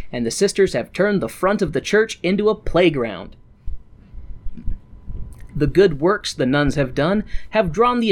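A podcast host casually recapping a film, animated and a bit profane. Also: mid-range voice. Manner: animated, profane, laughs often.

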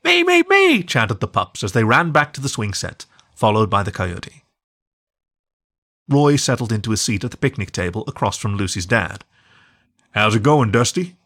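Guy reading a story out loud, expressive, voice moving up and down a lot. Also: fairly low pitch, normal speed. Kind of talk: scripted narration.

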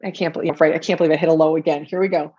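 Woman guest, husky chatty delivery, lo-fi dull podcast sound. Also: low-pitched, fairly even intonation, racing, warm tone. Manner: chatty, laughs often, frequent restarts. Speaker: guest author and coach. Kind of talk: casual podcast interview.

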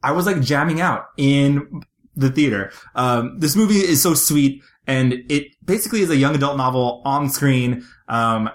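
A man's voice: mid-range voice, normal speed. A man co-hosting a film review podcast, chatting casually and gushing about a movie he loves, with casual swearing. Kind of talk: casual chat.

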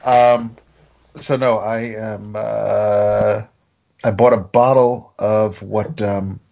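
A man's voice: on the low side, flat delivery, extremely slow, vocal fry, a little mellow, dull audio. A man co-hosting a casual podcast chat from home, rambling and hesitant with frequent restarts. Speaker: podcast co-host. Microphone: home mic, moved around.

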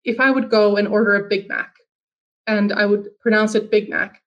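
A woman's voice: medium pitch, level tone, moderate pace, lo-fi sound. A woman from Finland telling a personal story as an interview guest, earnest, with frequent restarts and fillers.

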